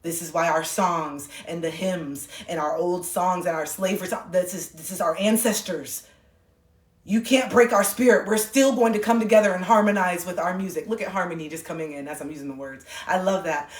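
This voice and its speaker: A woman hosting a casual livestream, talking in an animated, emphatic way with plenty of swearing. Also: fairly low pitch, brisk, roomy sound, far from the mic. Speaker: livestream host. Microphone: phone.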